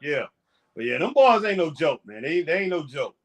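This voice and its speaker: A man talks wrestling with a buddy in easy, excitable banter. His voice sits high and swings widely, and he laughs often. He keeps peppering his lines with "boy" and "man.". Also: moderate pace. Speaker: co-host. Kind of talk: casual chat reacting to a live wrestling show.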